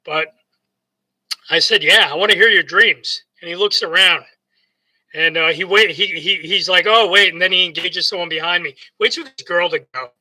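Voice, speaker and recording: A man's voice: sits high, moderate pace, pushed and bright, low-quality recording. A man from New York with a New York accent, telling a rambling motivational story that keeps restarting and acts out both sides of remembered conversations. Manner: rambling, repeats words and restarts often. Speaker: motivational speaker. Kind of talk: casual storytelling monologue.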